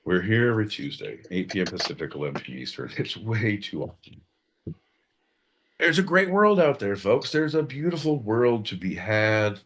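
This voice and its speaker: A man co-hosting a comedic podcast in casual banter, animated and crude, breaking into loud mock outbursts. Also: fairly low pitch, moderate pace, slight background noise. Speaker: podcast co-host.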